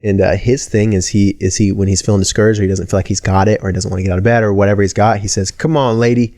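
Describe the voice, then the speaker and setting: A man's voice: fairly low pitch, flat delivery, very fast, warm tone, no echo, studio quality. A man hosting a casual podcast conversation, rambling with many restarts and swearing, acting out little pep-talk voices. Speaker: podcast host.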